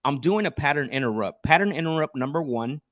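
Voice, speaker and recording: A man's voice: a little high, animated, fairly quick, fairly bright tone, dry recording, clean studio sound. A man coaching sales on a live stream, making cold calls and explaining them in an assertive teaching tone, often restarting his sentences.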